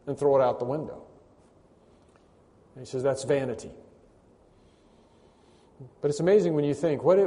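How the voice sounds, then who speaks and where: A man's voice: a little high, mellow. A man preaching a sermon, emphatic and building to a raised voice at key points. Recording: long hall reverb.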